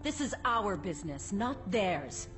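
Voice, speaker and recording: A scornful female silver dragon warrior from a fantasy game, cold and condescending toward mere mortals. She talks slowly and deliberately, with game music playing behind her. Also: medium pitch, big pitch swings, a bit bright. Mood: impatient. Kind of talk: game cutscene voice acting.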